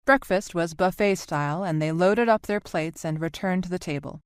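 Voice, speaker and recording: Low-voiced woman narrating an audiobook. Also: normal speed, clear, resonant tone, no room sound, studio quality.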